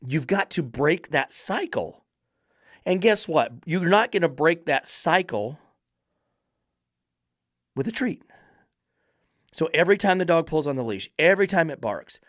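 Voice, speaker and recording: A man's voice: on the high side, dry recording, clean studio sound. A man hosting a dog training podcast, lecturing emphatically with repeated rhetorical questions. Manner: preachy, repetitive rhetorical questions.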